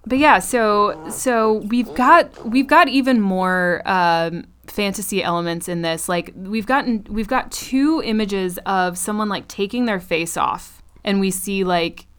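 A woman co-hosting a podcast, retelling a show in casual chat, animated and profane, laughing often. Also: mid-range voice, measured pace, hardly any pauses, clear, resonant tone. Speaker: podcast co-host.

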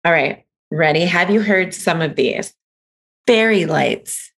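A woman co-hosts a podcast in relaxed, playful conversation and is quick to laugh. Her voice sits low, with a husky, gravelly edge. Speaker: podcast co-host. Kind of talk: casual podcast chat.

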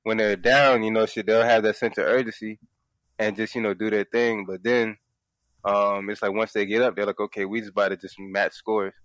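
A man co-hosting a casual sports podcast, laughing often and telling stories with animated quoted voices. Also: brisk, no room sound. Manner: laughs often, tells stories with high-pitched acted quotes. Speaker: podcast co-host.

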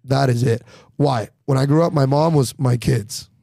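With a gravelly voice of medium pitch and moderate pace, this guest comedian spins animated tales on a podcast, imitating the people in them. The sound is clean studio audio without any room noise.

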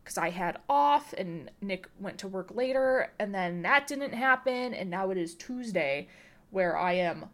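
A woman's voice: mid-range voice, expressive, unhurried, fairly bright tone. Chatty woman hosting a podcast. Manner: chatty, rambling with many fillers. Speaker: podcast host. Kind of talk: casual podcast chat.

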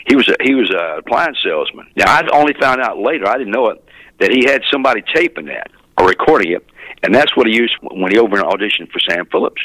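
Older man with a bright tone. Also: on the low side, lively intonation, fast talker, no room sound, poor audio. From Memphis, USA. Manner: folksy, anecdotal, often clears throat. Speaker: guest, radio DJ. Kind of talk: casual storytelling interview.

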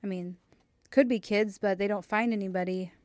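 A woman co-hosting a podcast, telling a story in a relaxed chat with lots of ums and likes. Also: mid-range voice, normal speed, no echo, studio quality. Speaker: podcast co-host. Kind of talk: casual chat.

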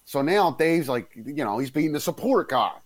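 A man telling a story in casual chat, relaxed and rambling, with halting restarts. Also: on the high side.

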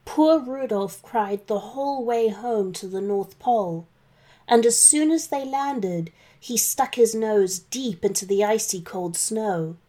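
A woman narrating a children's story in a gentle, expressive read-aloud manner. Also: on the high side, takes it slowly.

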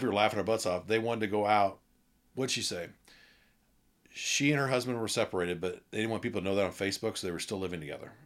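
A man's voice: lowish voice, a bit bright. A man in his forties, a podcast guest, chatting candidly in a blunt, rambling way with many restarts. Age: 40s. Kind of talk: casual conversation.

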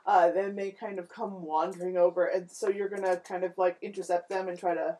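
Mellow-voiced woman game master. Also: fairly low pitch, level tone. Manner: halting, many restarts. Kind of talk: running a tabletop game.

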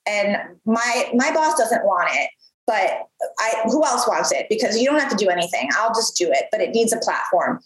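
A woman in her thirties telling a story from her career in a casual, animated way, full of fillers and acted-out quotes. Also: medium pitch, normal speed. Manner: animated, lots of "like", acts out quoted voices. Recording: roomy echo.

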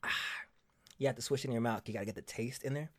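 This man speaks in a mid-range voice, recorded dry with studio quality. As a podcast host on a casual chat show, he's theatrical and sassy, calls people honey, and leans on long, emphatic repetitions.

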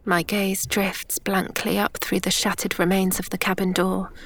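A woman reading a first-person story aloud in a hushed, breathy half-whisper. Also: mid-range voice, flat delivery, normal speed. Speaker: audiobook narrator. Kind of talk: first-person dramatic narration.

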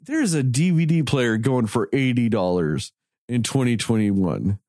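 A man's voice: mid-range voice, measured pace, no room sound, clean studio sound. A man ranting in a casual chat, cursing freely and swinging his voice around as he complains. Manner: animated ranting, heavy swearing.

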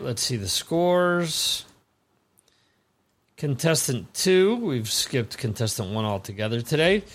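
Male quiz host, slightly high pitch, unhurried, chatty digressions between scores. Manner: rambling, chatty asides between questions. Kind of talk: live-streamed trivia hosting.

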